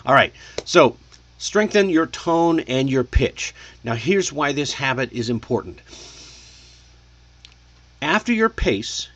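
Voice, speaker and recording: A man teaching spoken English online, coaching in a deliberate way and showing rising and falling intonation. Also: medium pitch, a bit bright. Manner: coaching, deliberate, checks in with "okay?".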